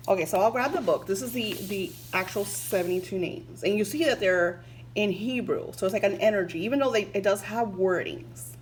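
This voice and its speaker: A woman's voice: on the low side, darkish tone, slight background noise, rough recording. Gushing woman spiritual vlogger. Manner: gushing, emotional, full of fillers. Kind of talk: casual spiritual vlog with reading aloud.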